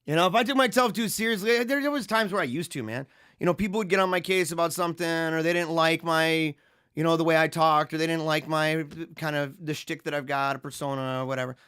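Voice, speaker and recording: A man hosting a casual livestream, reading viewer comments and chatting in an animated, laughing way. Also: a little high, clear, resonant tone, dry recording, clean studio sound. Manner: animated, laughing, drawn-out slang. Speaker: livestream host.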